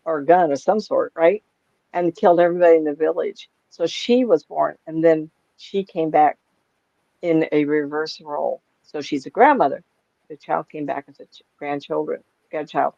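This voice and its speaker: With a low, gravelly voice, a middle-aged psychic medium tells stories in casual conversation, animatedly acting out the voices of people she quotes. The recording has no room sound and a dull lo-fi feel.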